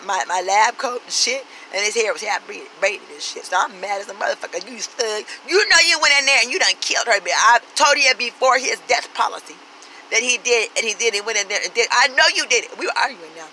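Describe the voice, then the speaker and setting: With a fairly high pitch and a sharp edge, a woman delivers a brash comic story full of swearing, imitating everyone she quotes in a sassy street-talk manner. The low-quality recording carries slight background noise.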